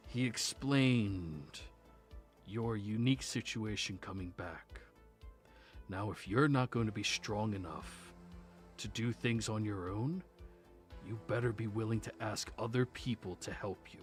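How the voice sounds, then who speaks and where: A man voicing a sly, scheming male combat trainer who mocks and bribes in a low, half-whispered tone. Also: lightly acted.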